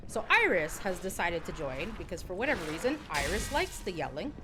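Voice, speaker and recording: A young woman streaming a game live, chatting freely with her viewers and reading their messages aloud. She is expressive, often exclaiming and laughing. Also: fairly low pitch, brisk. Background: game music.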